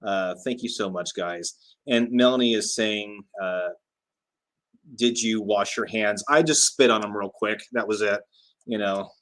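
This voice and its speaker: Casual male livestream host, low-pitched, chatty, laughs a lot and fills pauses. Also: a bit bright. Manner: chatty, laughs often, many fillers. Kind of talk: casual livestream chat reading comments.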